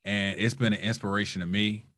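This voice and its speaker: Male host, very low pitch, easygoing interviewer with "um"s. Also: a little fast. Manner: relaxed, appreciative, with frequent "um"s. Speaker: podcast host. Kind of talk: casual interview.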